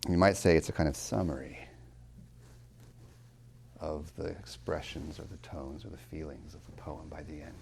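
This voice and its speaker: Deep, gravelly man lecturing on poetry. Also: fairly even intonation, a little mellow, a little hiss or hum. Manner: emphatic, with rhetorical questions; slows down to stress key words. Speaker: college tutor lecturing.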